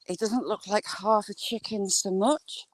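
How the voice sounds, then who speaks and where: A woman's voice: medium pitch, fairly even intonation, a little slow, poor audio. Woman, casual walking live-streamer, mid-range voice, friendly patter to viewers. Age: adult with a school-age child. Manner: chatty, greets viewers by name.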